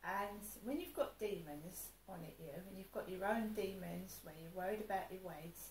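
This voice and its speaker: A woman with a gravelly, creaky voice rambles through a personal story. She sounds upset and vents as she goes, often restarting her sentences. The room echoes around her, with a faint ambient hum behind. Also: mid-range voice, normal speed, darkish tone. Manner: upset, venting, meandering with restarts. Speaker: vlogger.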